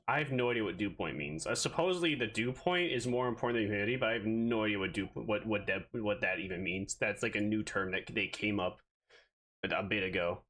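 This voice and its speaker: A man's voice: fairly low pitch, a bit bright, low-quality recording. A man streaming live, chatting casually and rambling playfully to himself, a bit out of breath.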